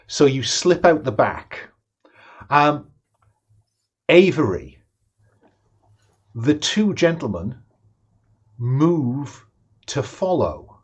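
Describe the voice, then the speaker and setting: A man's voice: mid-range voice, husky. Man running a tabletop game. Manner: measured narration with frequent ums and restarts. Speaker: game master.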